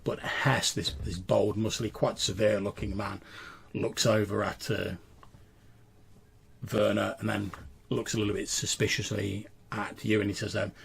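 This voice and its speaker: A man's voice: on the low side, little pitch movement, normal speed, creaky, slight background noise. A man narrating a tabletop role-playing game as game master, describing scenes with small hesitations.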